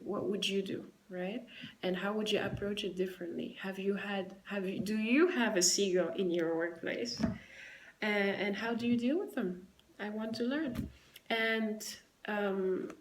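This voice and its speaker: Woman vlogger telling a story straight to camera, casual, mid-pitched, faint noise behind her. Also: echoey room, rough recording. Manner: retells a workplace story, acting out both sides with quoted dialogue.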